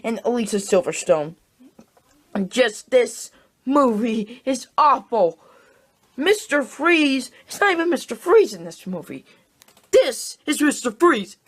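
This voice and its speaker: A woman ranting in a casual movie review, exasperated and repeating herself. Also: a little high. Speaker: video reviewer.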